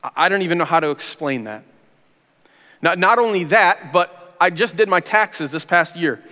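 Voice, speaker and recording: A man's voice: sits high, lively intonation, moderate pace, sharp tone. A man in his forties, a pastor, telling a personal testimony in an earnest, conversational way with casual slang, in a church sanctuary. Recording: long reverb of a large hall.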